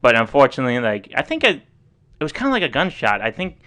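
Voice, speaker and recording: A man's voice: mid-range voice, wildly swooping pitch, fast, fairly bright tone. A man co-hosting a podcast in casual chat, rambling along with many "like" fillers as he recaps a film. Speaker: podcast co-host.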